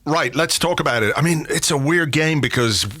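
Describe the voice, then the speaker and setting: Man, podcast host, casual chat, rambling anecdotes, bright voice, dry close sound. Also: on the high side, moderate pace, no room sound. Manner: rambling, anecdotal, slips into silly impressions.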